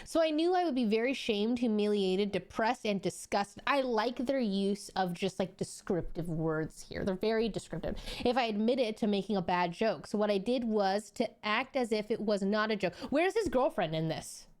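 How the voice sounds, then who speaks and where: A woman's voice: mid-range voice, moderate pace, few pauses. A young woman streaming, reading a story aloud and reacting to it in disbelief, swearing and laughing as she goes. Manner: animated and incredulous, swearing freely, laughing often. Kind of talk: casual live-stream reaction.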